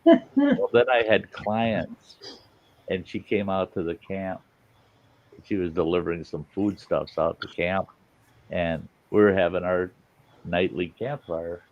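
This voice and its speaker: A man's voice: low-pitched, sing-song, slow pace, long pauses, no room sound. A middle-aged man telling profane stories around a campfire with a laugh, in casual chat as the host. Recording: muffled lo-fi audio with faint hiss.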